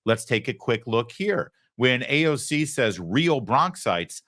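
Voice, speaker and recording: A man's voice: mid-range voice, big pitch swings, slow pace, a bit bright. A man hosting a political commentary show, talking in an emphatic, sarcastic way.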